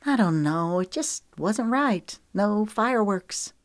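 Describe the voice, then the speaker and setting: A woman's voice: mid-range voice, a little slow, no echo, voice pushed up, natural voice. A woman narrator voicing a guarded young woman country singer, earnest and rueful, in a dry close recording. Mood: bantering.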